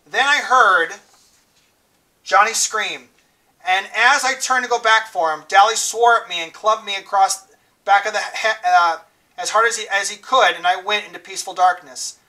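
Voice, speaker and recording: A man teacher reading a novel aloud to a class in a plain, unhurried way, stumbling now and then. He is heard from some distance away from the mic. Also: high-pitched, bright, forceful tone.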